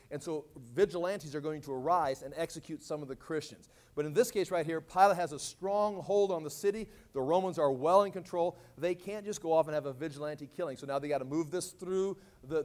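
A man with a high-pitched voice preaches through scripture in a casual, conversational way. He keeps breaking into animated voices for the people in the story, now loud and stretched, now dropping low and quiet. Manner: animated, acts out quoted lines with big swings in pitch and volume. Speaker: Bible teacher. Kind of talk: expository sermon.

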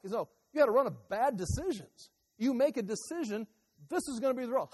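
High-voiced man preaching in a hall. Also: a little fast. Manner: animated preaching with sudden shifts from loud to quiet. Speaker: pastor. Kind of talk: sermon.

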